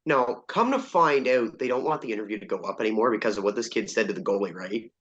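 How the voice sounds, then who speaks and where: A man's voice: fairly low pitch, animated, fast, fairly bright tone. Chill guy hosting a podcast, kinda rambly, sound's a bit dull and muffled. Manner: laid-back, rambling, self-deprecating. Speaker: podcast host. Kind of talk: casual podcast chat.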